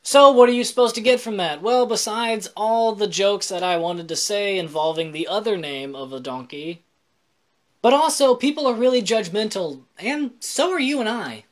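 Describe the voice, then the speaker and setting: A man's voice: high-pitched, normal speed. A man on a casual Christian vlog who explains scripture in plain words and mixes in joking, self-deprecating asides. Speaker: Christian vlogger. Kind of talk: casual faith vlog talk.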